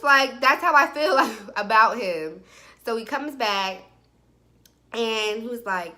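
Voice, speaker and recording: Bright-voiced chatty young woman. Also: fairly high pitch, normal speed. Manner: chatty, animated, peppered with "like". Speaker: vlogger. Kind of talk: casual storytime chat.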